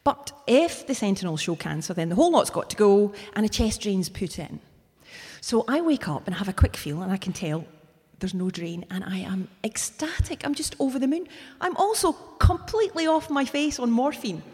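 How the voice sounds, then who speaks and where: A woman's voice: medium pitch, lively intonation, moderate pace, a little mellow, husky. A woman recounts a personal story live before an audience. Her humour is wry and turned on herself. Her mid-range voice rings out in a hall with a long, lingering reverb. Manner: wry, self-mocking humour. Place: theatre stage before an audience.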